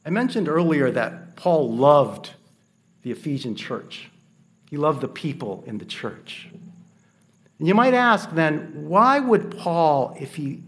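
A man with a fairly high-pitched voice preaches a sermon. His delivery is earnest and measured, and he poses rhetorical questions.

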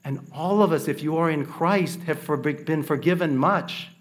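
A man preaching a sermon in an earnest, measured way, asking rhetorical questions. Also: on the high side.

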